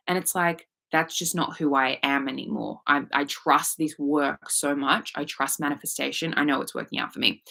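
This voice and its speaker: A woman's voice: sits low, steady tone, moderate pace, creaky, a bit bright. A woman with an Australian accent, a manifestation coach talking casually on a livestream, frank and swearing freely. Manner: frank, swears casually, reads viewer comments aloud. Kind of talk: casual live coaching talk.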